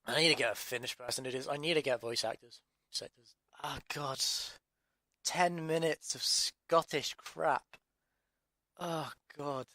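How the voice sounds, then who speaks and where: This is a man from England with a mid-range voice and a sharp tone, recorded with no room sound. Narrating his own story for an audiobook, he mutters at himself in exasperation through one restart after another in these outtakes.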